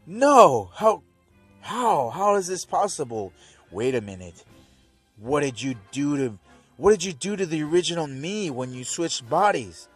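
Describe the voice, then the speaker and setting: A man's voice: a little high, big pitch swings, unhurried, fairly bright tone, breathy edge, soft background music, pitched above the performer's own voice, exaggerated voice. A man voicing an alarmed young male hero who demands answers urgently. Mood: shocked. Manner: shocked, urgent questioning.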